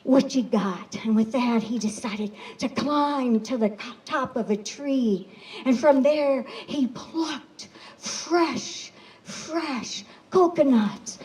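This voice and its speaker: A woman telling a fable at a rally, slow and dramatic, sometimes dropping to a whisper. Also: sits high, a little mellow, low-quality recording. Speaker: storyteller at a rally. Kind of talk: oral storytelling, fable.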